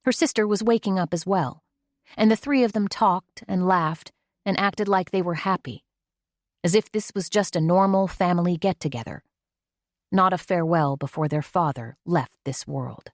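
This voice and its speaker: A woman's voice: on the low side, normal speed, no room sound, clean studio sound. A woman narrating an audiobook in a scripted reading style, giving the characters' dialogue in her own voice.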